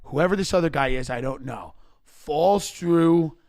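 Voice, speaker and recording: A man telling comedic stories in a casual podcast chat, animated and rapid-fire, acting out the people in his stories. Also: on the high side. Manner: animated, rapid-fire rants, acts out characters in quotes. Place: podcast studio.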